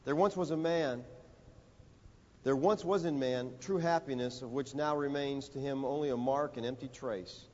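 A man preaching a sermon, telling a story and building to emphatic, rising lines with dramatic pauses. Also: fairly high pitch, darkish tone. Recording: dull audio in a reverberant hall.

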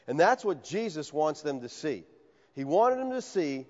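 A man preaching an expository sermon in a conversational, animated way, acting out the voices of the people he quotes. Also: a little high, normal speed. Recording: dull sound with long hall reverb.

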